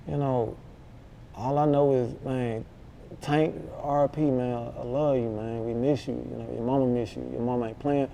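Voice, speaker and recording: A rapper from Memphis talks through his stories in a relaxed interview, with a Memphis accent and steady mid-pitched voice. He slips into the voices of the people he quotes and leans on slang. A faint low rumble sits under the recording. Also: creaky. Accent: Southern US, Memphis. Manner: animated, slangy, acts out quoted dialogue. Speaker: rapper guest. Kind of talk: casual storytelling interview.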